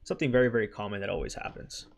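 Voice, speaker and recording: A man's voice: lowish voice, racing, creaky. A man hosting a casual crypto livestream, heated and repetitive. He keeps tossing in "right?" and "freaking" as he talks through viewer chat. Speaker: crypto channel host.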